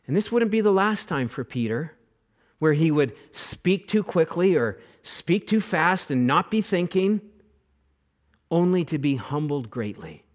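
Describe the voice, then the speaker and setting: A middle-aged man preaching a sermon as pastor, animated, acting out quoted voices and repeating words as he goes. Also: a little high, measured pace.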